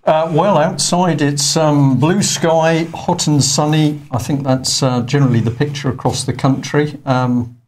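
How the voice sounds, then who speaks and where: A man's voice: a little high, steady tone, a little slow, a little mellow. A male presenter giving unscripted studio news commentary, talking conversationally with frequent hesitations.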